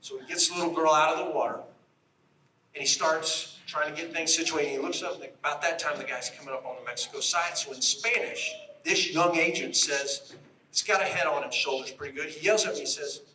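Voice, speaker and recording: A man's voice: a little high, a little fast, bright, forceful tone, slight background noise. A middle-aged man, a retired state police officer, tells a story in an emphatic rally speech and speaks straight to the crowd. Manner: emphatic, addresses the crowd directly. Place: outdoor rally. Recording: echoey, distant from the mic.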